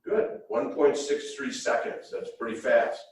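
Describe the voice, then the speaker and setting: A man's voice: medium pitch, unhurried, a little mellow. A man giving a safety workshop to a live audience, folksy and joking. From Wisconsin-Minnesota border. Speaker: safety presenter. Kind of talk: workshop presentation. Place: large room with an audience. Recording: echoey hall from far off.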